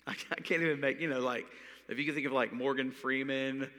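A man preaching a conversational sermon to a congregation, chatty and animated, acting out quick bits of dialogue as he tells the story. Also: medium pitch. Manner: chatty, animated, acts out voices. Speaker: pastor. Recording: long hall reverb.

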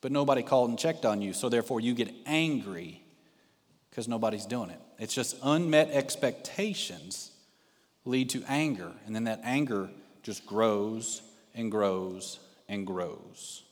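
A man's voice: mid-range voice, unhurried. Man preaching in a reverberant church. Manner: storytelling, asks the congregation direct questions. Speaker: pastor, missionary. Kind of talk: sermon with a personal story. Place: church sanctuary.

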